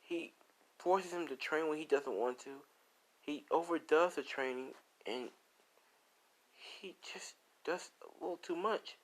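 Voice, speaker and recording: A man voicing a distressed young mother who is fleeing her husband, pleading in a high, shaky voice. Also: expressive, brisk, pushed and bright, a little hiss or hum, rough recording.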